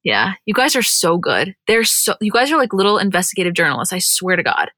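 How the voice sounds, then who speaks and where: Bright-voiced woman chatting casually. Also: fairly low pitch, brisk, no room sound. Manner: chatty, animated, swears casually. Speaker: podcast co-host. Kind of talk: casual chat.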